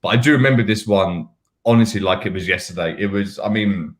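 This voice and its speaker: Low-voiced man telling stories. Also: a little fast. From United Kingdom. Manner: candid, rambling anecdotes with self-mocking asides. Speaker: podcast panelist and mentor. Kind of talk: casual podcast storytelling.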